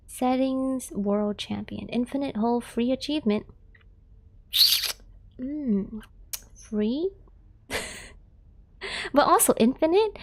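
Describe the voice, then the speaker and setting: A woman's voice: fairly high pitch, slow, creaky, pauses often, darkish tone. A young American woman streaming a game, chatting casually with a giggly, talkative manner. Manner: giggly, chatty, laughs often. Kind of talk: casual live-stream chat.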